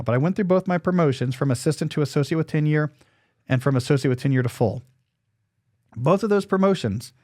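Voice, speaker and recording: A man's voice: medium pitch, dry recording, studio quality. A man in his forties hosting a podcast, explaining his advice in a casual, thinking-aloud way. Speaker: podcast host.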